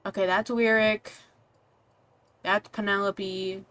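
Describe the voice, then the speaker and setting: Bright-voiced woman streamer, swearing. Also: mid-range voice, level tone, slow. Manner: blunt, swears freely, reacts aloud. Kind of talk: casual live-stream gameplay commentary.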